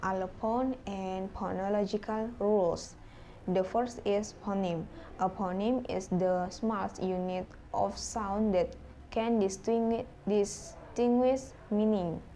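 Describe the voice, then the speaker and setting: Woman, classroom presentation, slow, mellow tone, halting with fillers, faint background noise. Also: medium pitch. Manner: halting, with fillers and self-corrections.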